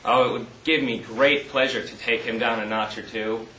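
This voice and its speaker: An actor in an amateur stage play playing a bored, clever analyst who talks in a mock-formal way and grows smug and scheming. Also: male voice, mid-range voice, steady tone, moderate pace, bright, forceful tone, distant mic, slight background noise, close to an everyday voice. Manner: mock-formal, musing aloud, gleeful when plotting. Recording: echoey hall.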